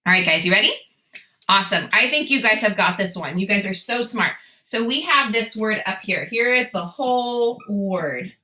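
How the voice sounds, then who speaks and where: A bright, lively young woman leads a children's phonics lesson, asking her class questions and answering them herself in an encouraging, sing-song voice. Her voice rings in an echoey room. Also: medium pitch, normal speed. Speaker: teacher.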